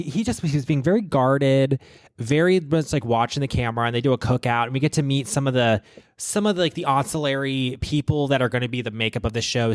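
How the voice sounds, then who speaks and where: A man rambling through gossip on his podcast, swearing often and stacking one aside on another. His voice sits at an ordinary middle pitch. The studio sound is close and dry, with no room echo. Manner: profane, rambling, animated. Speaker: podcast host. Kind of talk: casual gossip commentary.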